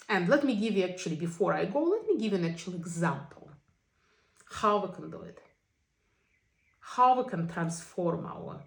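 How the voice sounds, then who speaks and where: A woman teaching a self-compassion session in English that is not her first language, often checking in with "okay?". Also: fairly low pitch. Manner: non-native English phrasing. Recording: echoey room.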